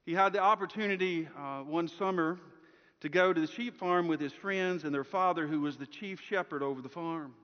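Pastor preaching, echoing through a dull hall. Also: male voice, fairly high pitch, normal speed. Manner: storytelling, swinging from strong projection to hushed softness. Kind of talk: sermon. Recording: long hall reverb, dull lo-fi sound.

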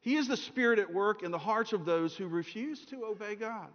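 A man's voice: high voice, a little fast. A middle-aged man preaching a sermon, telling stories and acting out the voices in them. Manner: storytelling, acts out voices in anecdotes. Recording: dull sound in a reverberant hall.

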